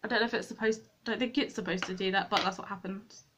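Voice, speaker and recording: A woman's voice: mid-range voice, steady tone, fast talker, noisy background. A young woman chatting to viewers while she does her makeup at a desk at home, rambling and poking fun at herself. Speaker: beauty vlogger. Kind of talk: chatty get-ready-with-me vlog. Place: room at home, at a desk with a mirror.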